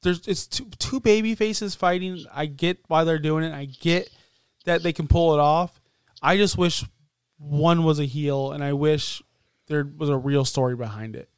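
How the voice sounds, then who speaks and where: A man co-hosting a casual wrestling podcast, talking in an animated way and acting out quotes in a raised voice. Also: a little high, moderate pace, clear, resonant tone, no room sound, studio quality. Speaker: podcast co-host.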